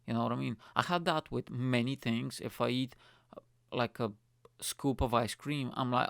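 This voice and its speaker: Gravelly man rambling. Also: mid-range voice, brisk, no room sound, clean studio sound. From Bulgaria. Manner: swears freely, says "mate" constantly, chatty and rambling. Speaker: comedian and podcast host. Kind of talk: casual rambling solo monologue.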